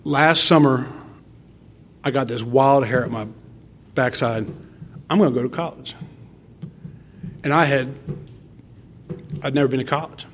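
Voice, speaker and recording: A man's voice: medium pitch, a little slow, pauses often, a little hiss or hum. A middle-aged man from Tennessee giving an earnest, rambling personal testimony at a recovery meeting, acting out quoted dialogue as he goes.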